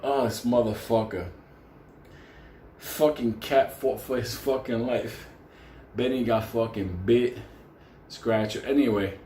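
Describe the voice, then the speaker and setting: Laughing, swearing storyteller in an echoey room. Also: male voice, mid-range voice, warm tone, slight background noise. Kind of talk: casual profane anecdote. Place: indoor room on camera.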